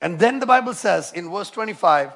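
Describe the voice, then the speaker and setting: A man preaching a sermon with passion, moving between loud emphatic lines and quieter storytelling. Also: sits high, animated, brisk.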